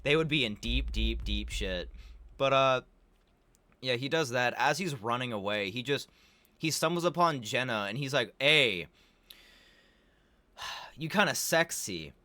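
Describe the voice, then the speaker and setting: A man's voice: mid-range voice, lively intonation, moderate pace, bright, forceful tone, no echo. A young man giving a rambling, profanity-laced casual recap of a movie, full of fillers. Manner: rambling, swears a lot, heavy on fillers like "like". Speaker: video creator reviewing a movie.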